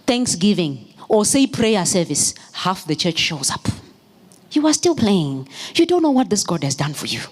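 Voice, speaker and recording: A woman preaching a sermon in church, moving from storytelling into fervent, shouted exhortation. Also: fairly low pitch, very animated, moderate pace. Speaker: pastor's wife preaching.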